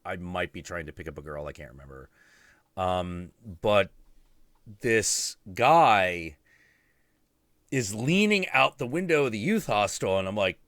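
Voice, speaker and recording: An animated man spinning a story on his stream, his pitch leaping up and down as he swears and laughs. The sound is dry and close, with no room around it. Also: unhurried, pauses often, no echo. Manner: animated, profane, laughing often. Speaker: livestream host. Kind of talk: casual storytelling chat.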